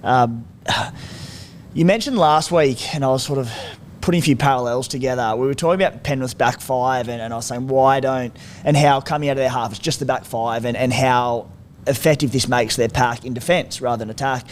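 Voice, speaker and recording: Man, co-host, casual footy chat, rambling, faint rumble. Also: normal speed. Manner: laid-back, rambling storytelling. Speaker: podcast co-host.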